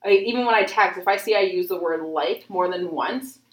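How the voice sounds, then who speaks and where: Low-voiced young woman, rambling casual chat. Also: a little fast, echoey room, rough recording. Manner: rambling, heavy use of filler "like", frequent swearing.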